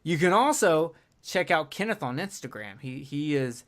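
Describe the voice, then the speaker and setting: Guy hosting a podcast, kinda high voice, rambly and crude, jokes around a lot. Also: sing-song, normal speed. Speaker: podcast host. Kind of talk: casual chat.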